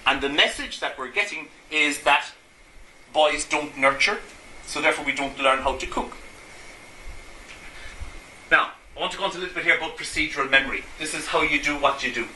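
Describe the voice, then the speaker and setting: A man's voice: fairly high pitch, brisk, long pauses, sharp tone, slight background noise. A man, a Gestalt therapist, lecturing a live audience, asking them rhetorical questions and acting out everyday examples. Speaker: Gestalt therapist giving a talk. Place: room with an audience. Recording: echoey room, faint ambience.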